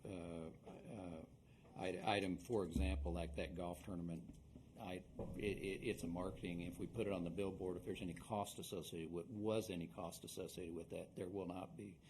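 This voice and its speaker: Deep-voiced man chairing a meeting. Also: fairly even intonation. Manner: halting, repeats words. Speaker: board president. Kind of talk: meeting discussion. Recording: noisy room recording.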